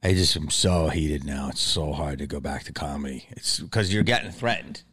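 A man's voice: extremely low pitch, normal speed, over a noisy crowd. A comedian talking casually about his own stage outburst, heated, rambling and profane. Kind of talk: reflective casual talk.

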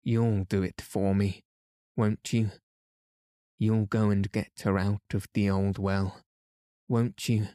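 A man reading aloud and voicing a delirious young girl who pleads in a fever, speaking softly and slowly. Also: fairly low pitch, flat delivery, dry recording, studio quality. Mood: accusing.

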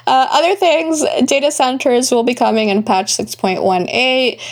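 Woman, young adult, chatty, giggly, gaming podcast co-host, slightly high voice. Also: moderate pace. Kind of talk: casual gaming news chat.

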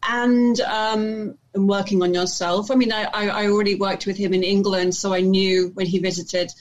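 A young adult woman speaks about herself in a relaxed interview. Her voice sits in a middle range, and she often pauses and restarts. She comes across as thoughtful and earnest. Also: medium pitch, low-quality recording. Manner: reflective, halting with many restarts and fillers. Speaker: interview guest, actor. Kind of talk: casual interview chat.

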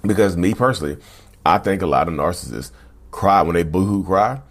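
A man's voice: deep voice, very animated, moderate pace. A man hosting his own channel, talking casually to viewers, repeating himself and calling them y'all. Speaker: channel host. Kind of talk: casual talk to camera.

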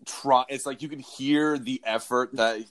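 A man's voice: mid-range voice, fairly even intonation, unhurried, fairly bright tone, a little hiss or hum. A man co-hosting a casual music chat, reflective, searching for words as he explains a sound. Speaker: podcast co-host.

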